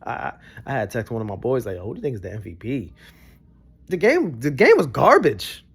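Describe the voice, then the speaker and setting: Gravelly, animated man reacting casually. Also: brisk. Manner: animated, jumps between low grumbles and high excited bursts. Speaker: vlogger reacting to a broadcast.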